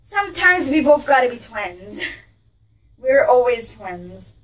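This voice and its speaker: A woman's voice: a little high, big pitch swings, slow pace, a bit bright, recorded from a distance, low-quality recording. Bubbly vlogger woman with a raised voice who is set back from the mic. She gushes about her haul. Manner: gushing, bubbly, repeats how cute things are. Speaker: vlog host showing a clothing haul. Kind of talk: casual haul vlog. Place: her room with a closet behind.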